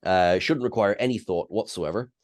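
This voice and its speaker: A man's voice: on the low side, normal speed. A man interviewing in a playful, joking way on a casual podcast. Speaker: guest interviewer.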